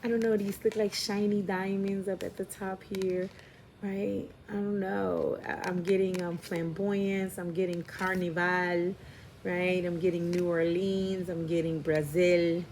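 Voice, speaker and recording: A woman's voice: medium pitch, little pitch movement, a little slow, a little mellow, slight background noise. A woman reading tarot cards in a casual spiritual style, thinking aloud with many fillers and frequent "right?" checks. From Puerto Rican, from New York and Philadelphia area. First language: Spanish heritage speaker. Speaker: tarot reader.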